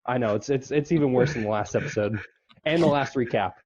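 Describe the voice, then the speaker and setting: A man's voice: fast, darkish tone, highs cut off. A man casually recapping an episode on a podcast, rambling along with fillers. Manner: rambling, with squeaky falsetto when quoting characters. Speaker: podcast co-host.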